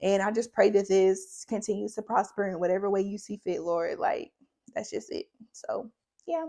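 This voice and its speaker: A woman's voice: mid-range voice, fairly quick, creaky, mellow. A young woman chatting casually in a faith vlog, rambling, saying "like" often and laughing between thoughts. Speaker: faith vlogger.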